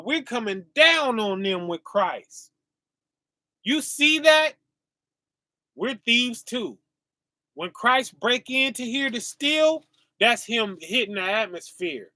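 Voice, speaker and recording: A man's voice: high-pitched, pushed and bright, dry recording. A male preacher, reading scripture and asking his listeners "right?" as he goes. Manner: call-and-response asides, often asking "right?"; reads verses slowly and drawn out.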